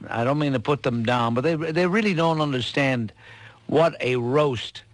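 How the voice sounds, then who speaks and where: Talk radio host, man, calm and conversational delivery. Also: mid-range voice, moderate pace. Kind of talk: radio talk show hosting.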